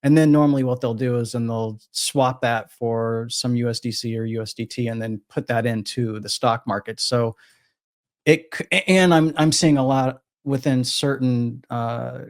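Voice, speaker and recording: A man's voice: medium pitch, steady tone, moderate pace, no echo. Rambling man with a dry sound. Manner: rambling, frequent restarts and self-corrections. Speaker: crypto trader guest. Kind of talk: casual podcast chat.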